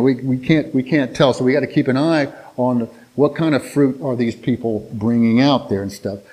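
A man's voice: mid-range voice, darkish tone, rough recording. A man preaching a casual, conversational sermon to his congregation in a folksy, rambling way, often restarting his sentences and acting out the people in his stories. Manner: folksy, rambling, many restarts and filler words; acts out quoted voices in storytelling.

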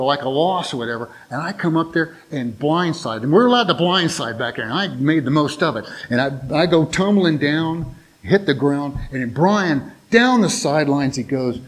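A man's voice: on the high side, poor audio. Folksy, rambling man preaching. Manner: rambling, folksy storytelling with restarts. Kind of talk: informal sermon with personal story.

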